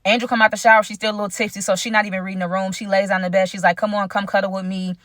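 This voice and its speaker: A woman's voice: medium pitch, level tone, fairly bright tone, no echo, studio quality. A young woman telling a story to her viewers in casual, slangy talk, often calling on them directly. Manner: rapid, slangy, talks straight to viewers as y'all. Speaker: storyteller vlogger.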